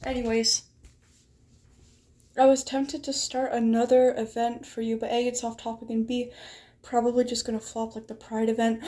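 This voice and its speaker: Chatty woman livestreamer, higher voice. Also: little pitch movement, moderate pace, mellow. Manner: rambling, chatty, heavy use of "like". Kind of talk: casual livestream chat.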